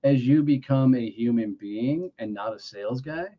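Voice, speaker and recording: This former Marine from Texas, middle-aged and here as a guest, tells stories at a moderate pace in a mid-range voice. His casual interview is full of acted-out dialogue and salty language, delivered with animation, over dull lo-fi audio.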